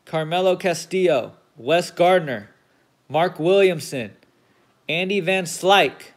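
A man with a high voice runs a card break, giving casual commentary as packs are opened. He reels off player names without rushing, curses offhandedly, and perks up at big pulls.

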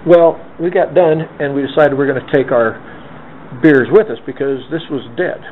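Sex: man. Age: 50s. Role: interviewee. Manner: lively storyteller who acts out quotes. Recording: narrow phone-like sound with faint hiss. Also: on the high side, normal speed. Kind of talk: oral history storytelling.

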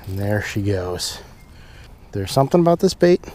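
A young man with a fairly low voice, speaking at normal speed, hosts a fishing channel from a rainy pond; a little hiss or hum sits under the camera-mic audio. He keeps things casual and positive, growing excited as fish come in.

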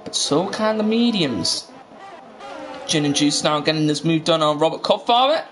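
A man's voice: a little high, expressive, normal speed, a bit bright, slight background noise. A man doing live sim racing commentary, chatty and rambling, often restarting his sentences. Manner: rambling, self-interrupting, chatty. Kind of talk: live esports race commentary.

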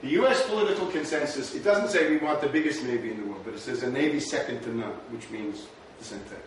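A man delivers a fast history lecture at medium pitch, conversational and rhetorical, with frequent "right?" asides. The lecture room is very echoey, the mic distant, and there's faint background noise.

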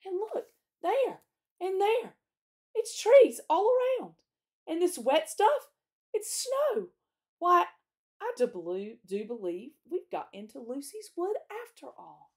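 Excited English schoolboy, read by a woman. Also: on the high side, normal speed, gravelly, few pauses, pitched above the performer's own voice, heavily acted. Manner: exclaiming, eager.

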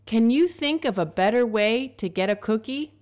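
A woman voicing a patient mother in a children's story read aloud, calmly and gently correcting her small boy. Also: a little high, normal speed, close to an everyday voice. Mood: gently firm.

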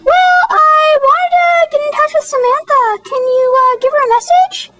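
A woman voicing a pesky, bratty girl making prank phone calls, in a very high squeaky voice. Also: steady tone, measured pace. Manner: high squeaky girlish voice, cheeky and insistent.

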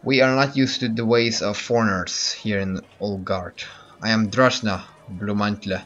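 Man doing a haughty Russian-accented ruler for a game; formal, low voice, lo-fi recording. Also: steady tone, unhurried, a bit bright. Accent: put-on Russian. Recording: muffled lo-fi with game music.

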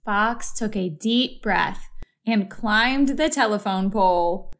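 A woman reading a children's picture book aloud with slow, clear storytelling. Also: medium pitch. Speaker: storybook reader.

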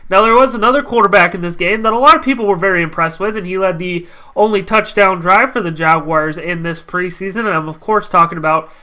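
A young man hosting a casual football recap, energetic and confident, his voice stuffy from a cold. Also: sits high, quick pace. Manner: energetic, confident fan talk. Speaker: sports channel host.

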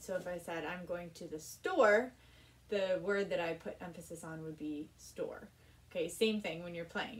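A woman giving a music lesson, explaining patiently in a casual teaching manner. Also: on the low side. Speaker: cello teacher. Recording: from a distance with cello playing.

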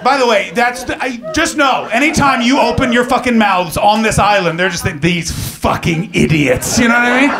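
Loud, profane stand-up comic man. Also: sits high. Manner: loud, profane, shouting punchlines. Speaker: stand-up comedian. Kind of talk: live stand-up routine. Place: large comedy venue with live audience. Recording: live stage mic with crowd. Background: audience laughter.

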